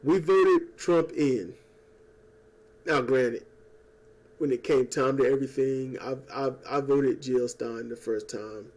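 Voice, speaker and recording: A man talking at home in a casual political rant. He rambles, swears and turns sarcastic, tossing in quick mocking impressions. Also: medium pitch, a little mellow. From United States. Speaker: YouTuber. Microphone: old desk microphone.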